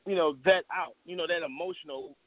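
A man co-hosting a wrestling talk show, speaking haltingly and repeating himself. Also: a little high, dry recording. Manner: halting, repeats himself, lots of "you know". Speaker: podcast co-host. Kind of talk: casual wrestling chat. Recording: dry phone-line audio.

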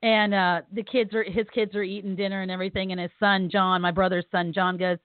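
Her mid-range voice moves fairly fast with hardly any pauses as she co-hosts a podcast, spinning humorous family anecdotes full of laughter and acted-out lines. She's recovering from surgery and taking pain meds, and the echo-free audio comes through a tinny, phone-like line.

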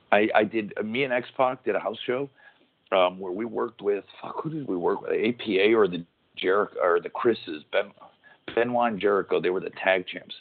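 Deep-voiced rambling man on a tinny line. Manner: rambling, profane, restarts mid-sentence. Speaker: podcast host, former pro wrestler. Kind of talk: casual chat. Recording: tinny phone-like audio.

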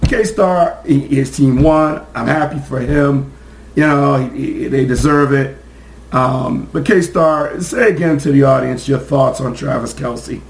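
A man hosting a sports podcast, hoarse from screaming, ranting in a fired-up, profane way with many fillers. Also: mid-range voice, slow, roomy sound, poor audio. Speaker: podcast host.

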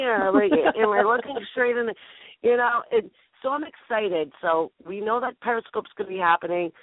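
A woman's voice: medium pitch, moderate pace. A woman hosting a casual chat show, brash and playful, trash-talking her guests. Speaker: podcast host. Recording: tinny phone-line audio.

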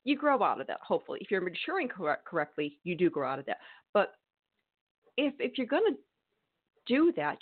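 Woman podcast co-host, emphatic and scolding, opinionated casual chat, narrow phone-like sound. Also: on the low side. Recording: tinny phone-like audio.

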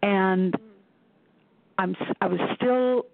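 A woman's voice: mid-range voice, slow, vocal fry, dry recording. A woman, a psychic medium guest, recounts a personal experience in casual storytelling, acting out quoted dialogue between fillers. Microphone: phone. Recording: tinny dry phone line.

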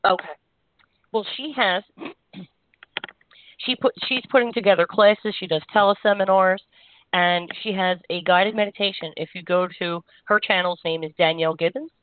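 A woman energy healer hosting a call-in show, giving gentle, reassuring spiritual guidance in a meandering way. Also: medium pitch, normal speed. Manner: gentle, reassuring, meandering with frequent "you know". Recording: dry, tinny phone-line sound.

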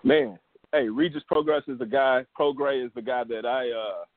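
A man's voice: mid-range voice, animated, normal speed, vocal fry, no room sound. Blunt opinionated man, dry tinny line. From US Gulf Coast. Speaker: co-host. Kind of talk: casual sports talk. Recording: dry, tinny phone-like audio.

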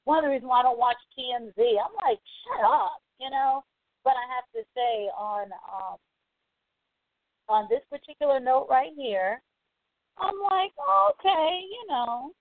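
A woman hosting a call-in show, giving blunt, animated commentary and swearing freely. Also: high voice, a little slow, dry recording. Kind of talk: casual opinionated commentary. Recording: tinny phone-line audio.

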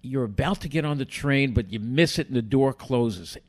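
An older man, a guest telling animated stories from his past and acting out other people's lines. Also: mid-range voice, moderate pace. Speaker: interview guest. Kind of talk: storytelling in a podcast interview.

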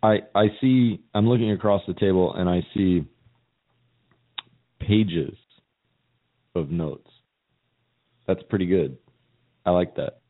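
Deep-voiced man host with a cold. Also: slow pace, long pauses, narrow, tinny audio. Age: middle-aged. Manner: joking, self-mocking. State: fighting a cold. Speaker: podcast host. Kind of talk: casual chat.

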